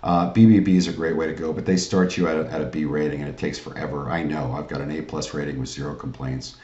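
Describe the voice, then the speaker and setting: A man's voice: a bass voice, steady tone, quick pace, dark tone, reverberant, highs cut off. A man giving a sales training lecture in a pushy pep-talk manner, often asking "right?" and calling the audience "guys.".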